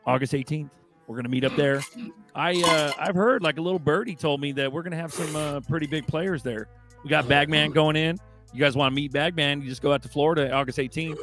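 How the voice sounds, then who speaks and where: A man's voice: fairly high pitch, brisk, music in the background. Hyped man hosting a stream chat. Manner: hyped, shouting out chat members. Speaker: co-host of a crypto live stream. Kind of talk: casual group chat.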